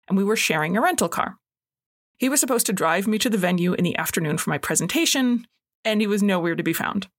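A woman in her thirties hosting a scripted solo podcast, giving clear step-by-step advice in an instructive way. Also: medium pitch, no echo, clean studio sound. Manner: clear, instructive, animated with acted asides. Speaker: podcast host, coach on binge eating.

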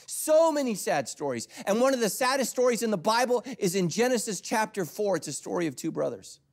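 Swinging between loud emphasis and near whispers, this pastor delivers his sermon in a conversational, story-driven way. He speaks briskly in a high-pitched, sing-song voice with vocal fry.

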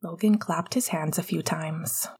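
A woman narrating a fan fiction audiobook softly, often dropping into a whisper. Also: sits low, measured pace, husky.

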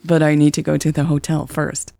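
Brief: woman voicing relaxed, dry-humored woman, low and mellow, slight fry. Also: brisk, no echo. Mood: wry.

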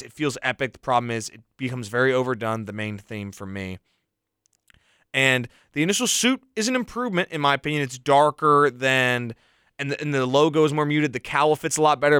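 A man's voice: fairly high pitch, fairly quick, clear, resonant tone, no echo, clean studio sound. A man co-hosting a podcast, giving a casual, opinionated film review and laughing as he goes. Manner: opinionated, animated critique with laughs. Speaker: podcast co-host.

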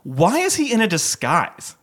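Animated man recapping a movie. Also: high voice, unhurried. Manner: animated, incredulous storytelling with frequent laughs. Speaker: podcast co-host. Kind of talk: casual movie-recap chat.

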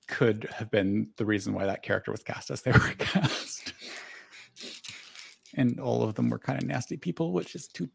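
A man's voice: fairly low pitch, creaky, slightly rough. A man, the game master, chatting casually through announcements before a tabletop game, rambling and poking fun at himself. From Southern Oregon. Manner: rambling, self-mocking, laughs at himself.

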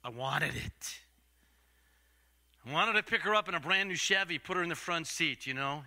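An older man preaching a storytelling sermon, swinging from loud acted-out voices to hushed asides. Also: a little high, sing-song, normal speed. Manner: dramatic swings from loud to whispered.

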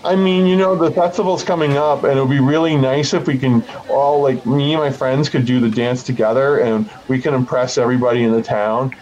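A man's voice: mid-range voice, fairly even intonation, brisk, hardly any pauses, darkish tone, highs cut off, close to an everyday voice. A man voicing an eager little girl in a tabletop game, pleading and whiny, talking in a rush.

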